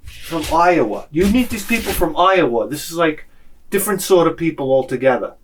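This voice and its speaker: New guy hosting a casual vlog, lively, up-and-down delivery, pitched a bit high, acts out every quote. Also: moderate pace, a little hiss or hum. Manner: animated, swings loud and quiet, acts out quotes. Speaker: channel host.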